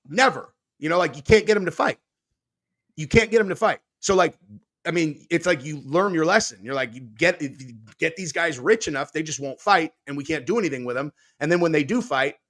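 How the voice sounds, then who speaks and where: A man's voice: fairly high pitch, a bit bright. Profane laid-back man chatting. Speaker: podcast co-host. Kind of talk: casual chat.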